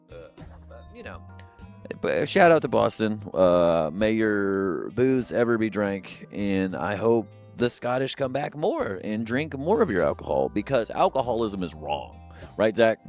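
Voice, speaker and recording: Deep-voiced man rambling on a podcast. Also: big pitch swings, unhurried, darkish tone, faint music behind. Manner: rambling, jokey, lots of fillers and asides. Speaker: podcast co-host. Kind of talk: casual solo podcast rambling. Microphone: headphones and studio mic.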